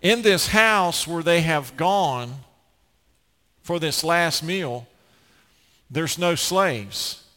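A man's voice: fairly high pitch, lively intonation, extremely slow, long pauses, pushed and bright, big-room sound. A man preaching a sermon as pastor, earnest and emphatic, often restarting his phrases.

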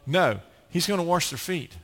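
A man's voice: a little high, lively intonation, normal speed, a bit bright, in a large hall. A man preaching a sermon as pastor, earnest and emphatic, often restarting his phrases.

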